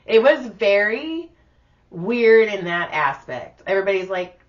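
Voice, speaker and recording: A woman's voice: mid-range voice, big pitch swings, unhurried. A middle-aged woman co-hosting a podcast in casual chat, blunt and profane as she tells stories, recovering from laryngitis. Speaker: podcast co-host. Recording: dull lo-fi sound.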